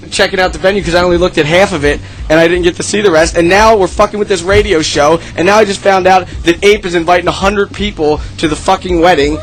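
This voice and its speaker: Radio host, man in his thirties, high voice, rambling, foul-mouthed, faint music under him. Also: low-quality recording. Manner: loud, rambling, swears a lot. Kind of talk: casual radio banter. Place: radio studio.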